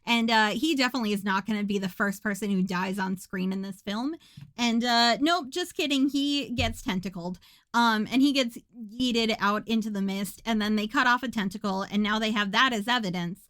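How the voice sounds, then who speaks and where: A woman's voice: mid-range voice, moderate pace, a bit bright, no echo. A woman co-hosting a podcast, recapping a film in a sarcastic, joking way and laughing often. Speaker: podcast co-host.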